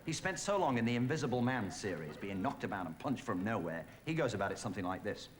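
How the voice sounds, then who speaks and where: Lively male comic firing off one-liners. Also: lowish voice. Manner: rapid one-liners, lively punchline delivery. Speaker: stand-up comedian guest. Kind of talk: stand-up comedy routine. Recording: noisy old off-air TV tape.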